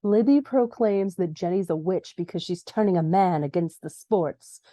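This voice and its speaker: Chatty woman with a mellow, dry voice. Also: normal speed, no echo. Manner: chatty, acts out quoted lines in a higher voice. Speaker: podcast host recapping a TV episode. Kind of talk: casual recap narration.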